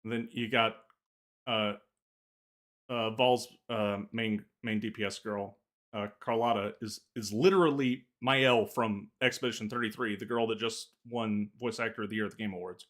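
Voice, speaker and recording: A man's voice: fairly low pitch, steady tone, normal speed, a bit bright. A man co-hosting a podcast, opinionated and chatty, laughing at his own jokes and stumbling over restarts. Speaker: podcast co-host. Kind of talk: casual chat.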